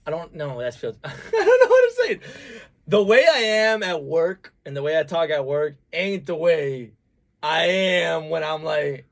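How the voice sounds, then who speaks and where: A man's voice: on the high side, sing-song, a little slow, creaky. A young man co-hosting a podcast in casual chat, laid-back and agreeable, who laughs easily. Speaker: podcast co-host.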